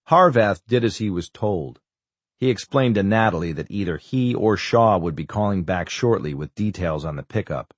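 A male audiobook narrator reads in a steady, even storytelling style with a very deep voice. The recording is dry and close, with no room sound. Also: normal speed, no room sound. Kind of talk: scripted narration.

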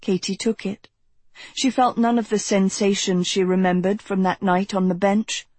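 A woman narrating a novel in an even, measured reading, recorded close to the mic. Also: mid-range voice, no room sound. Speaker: audiobook narrator. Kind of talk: scripted narration.

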